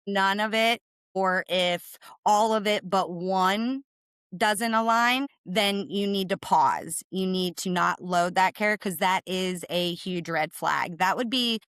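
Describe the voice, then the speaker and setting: A woman explaining to a podcast host, brisk and emphatic, often tagging points with "right?". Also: mid-range voice, a bit bright, smooth, no echo. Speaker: cargo claims and risk manager, guest.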